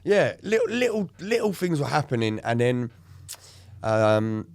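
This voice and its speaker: Telling a frank story about his own life on a podcast, this man, a co-host in recovery, curses, shows emotion, and performs the lines others spoke. He talks at a measured pace in a mid-range, darkish voice with big swings in pitch and no room sound.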